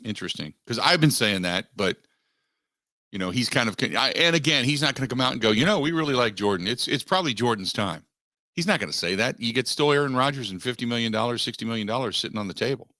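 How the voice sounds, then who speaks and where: A man hosting a sports talk radio show, giving opinionated takes in an emphatic way that climbs in pitch as he gets worked up. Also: animated, fast talker, pushed and bright, no room sound, studio quality. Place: radio studio. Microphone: studio microphone.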